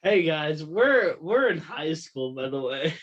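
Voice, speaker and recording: A slow-talking seventeen-year-old boy, goofy and playful, with a voice that swoops up and down. The recording is dull and lo-fi, from a cheap home setup. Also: on the high side, very animated, fairly bright tone. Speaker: podcast co-host. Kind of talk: casual chat.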